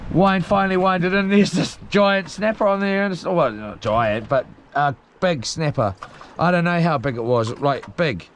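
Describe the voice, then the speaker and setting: A man's voice: a little high, moderate pace, a little hiss or hum. A young man with a New Zealand accent chatting casually on a live stream from a small boat at sea. He reads out viewer comments in a laid-back, slangy, rambling way with plenty of fillers. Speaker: livestreamer.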